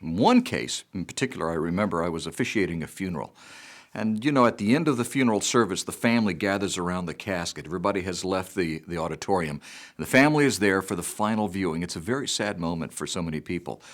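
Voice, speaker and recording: A man who works as a minister tells a funeral anecdote in a calm, measured pastoral way. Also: low-pitched. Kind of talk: storytelling anecdote.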